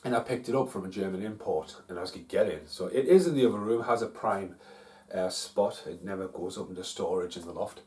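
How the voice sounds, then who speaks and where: A man's voice: deep voice, a little fast, a little mellow. A man hosting a casual film review vlog at home, rambling and swearing freely. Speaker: host. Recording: roomy, distant from mic.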